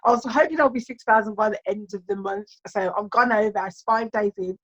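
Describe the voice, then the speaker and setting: A woman guest on a podcast chatting casually, lively and theatrical, laughing often. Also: mid-range voice, a little fast, dull audio. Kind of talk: casual chat.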